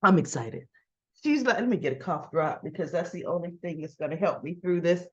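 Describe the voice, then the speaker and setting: A woman casually recapping a soap opera episode for her vlog, excitable and gushing, and she acts out the characters' lines. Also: fairly low pitch, fast talker, dull audio.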